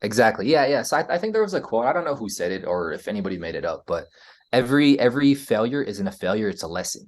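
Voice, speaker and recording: A man's voice: fairly low pitch, sing-song, fast. A man with an American accent, a podcast guest explaining his ideas in casual interview talk, earnest, often checking in with "right?". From United States. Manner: earnest, explaining, frequent "right?" tags and restarts.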